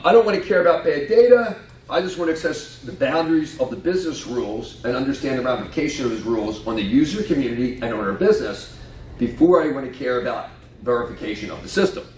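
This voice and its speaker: A man giving a conference talk, joking and quizzing the audience as he walks through his slides. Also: mid-range voice. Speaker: conference speaker. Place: conference room. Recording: echoey hall from far off, faint noise.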